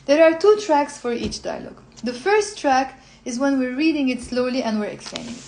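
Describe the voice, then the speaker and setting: A woman explaining a language textbook, saying model phrases slowly for learners to repeat. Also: high voice, animated, gravelly, a little mellow. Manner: slow, drawn-out model phrases for repetition. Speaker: language teacher.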